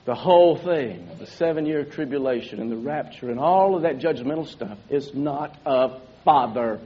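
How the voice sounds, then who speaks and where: A man's voice: medium pitch, lively intonation, moderate pace, slightly rough. A male preacher delivering a sermon with emphatic repetition and rhetorical questions. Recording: dull lo-fi sermon recording.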